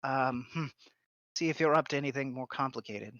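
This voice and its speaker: A man's voice: medium pitch, fairly quick, a bit bright, dry recording, muffled recording, lightly acted. A man voicing a pompous, fussy aristocrat patron in a tabletop game. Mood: haughty. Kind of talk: tabletop role-play voicing.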